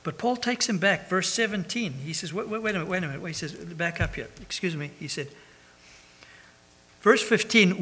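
Male preacher, high husky voice, animated teaching sermon. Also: a little fast. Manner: animated, rhetorical questions with many restarts.

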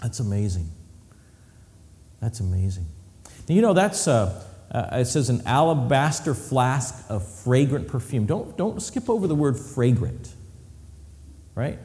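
A middle-aged male pastor preaching an animated sermon, acting out voices and laughing often as he tells stories. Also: mid-range voice, measured pace, long pauses, big-room sound.

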